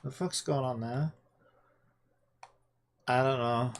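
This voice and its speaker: A game developer thinking aloud at the keyboard, with a gravelly, creaky edge to the voice. The talk is slow and drawn out, muttered half to themself and peppered with frustrated swearing. It is casual self-talk with no audience in mind. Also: mid-range voice, steady tone.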